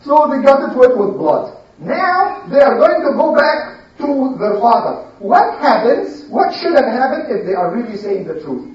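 An adult telling a religious story to a child, slowly, asking the listener questions along the way, recorded far from the mic in an echoey room. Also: high-pitched, lo-fi sound. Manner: slow, lively, questioning the listener.

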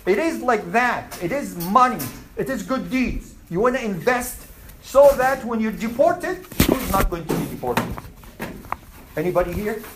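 Woman religious teacher, animated pitch, quizzes the class, repeats key lines, noisy recording. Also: normal speed. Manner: questioning, repeating points to the class. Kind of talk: Islamic class lesson to students.

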